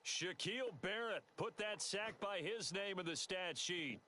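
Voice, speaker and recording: A man voicing a steady male football play-by-play announcer in a video game, calling plays briskly and evenly. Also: high voice, a little hiss or hum. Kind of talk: scripted sports commentary.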